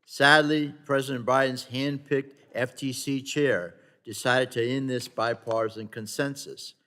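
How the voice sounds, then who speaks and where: A man's voice: medium pitch, a bit bright. A man speaking as a member of a committee markup, delivering a formal floor statement with earnest, insistent repetition and occasional stumbles. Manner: earnest, insistent, with repeated phrases and some stumbles. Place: large committee hearing room. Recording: long reverb from a hearing room.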